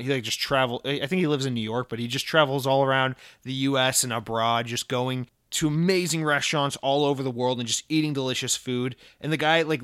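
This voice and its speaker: A man from Massachusetts hosting a podcast in casual chat, animated and profane, jumping between loud rants and muttered asides. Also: medium pitch, smooth, dry recording, clean studio sound. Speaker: podcast host.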